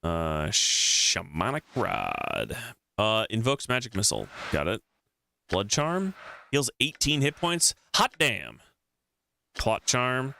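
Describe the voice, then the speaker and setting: A man's voice: fairly low pitch, wildly swooping pitch, slow pace, vocal fry, sharp tone. A man streaming a game, casually thinking aloud and reading the text on screen.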